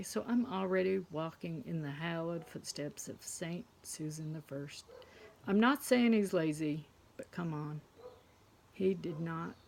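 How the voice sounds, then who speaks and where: Wry middle-aged woman with a gravelly edge. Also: lowish voice, slight background noise. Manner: dry, wry storytelling, drops to a hushed tone on punchlines. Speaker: comedy contest entrant. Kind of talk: deadpan stand-up monologue to camera. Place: home, indoors.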